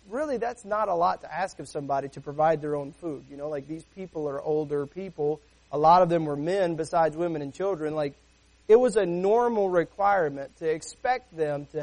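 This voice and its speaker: A man's voice: a little high, fairly quick, a little mellow. A man preaching a sermon in a conversational way, full of rhetorical questions and acted-out voices, speaking as a father and pastor.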